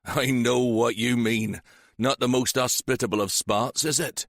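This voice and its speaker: A man's voice: mid-range voice, fairly even intonation, a little slow, a bit bright, no echo, studio quality. A man voicing a shrewd, sly older police sergeant, teasing and relishing menace.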